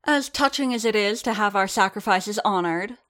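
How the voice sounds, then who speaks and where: A woman reading the part of a wiry warrior woman who challenges her leader with pointed, fast questions. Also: medium pitch, fairly bright tone, voice pushed up, close to an everyday voice. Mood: defiant. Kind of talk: audiobook reading.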